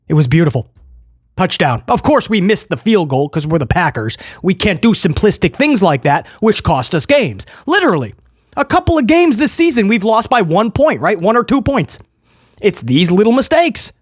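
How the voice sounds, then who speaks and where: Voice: medium pitch, very animated, normal speed, no room sound, clean studio sound. A football fan giving a casual, sarcastic game review monologue as the show's host. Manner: sarcastic, joking and exasperated.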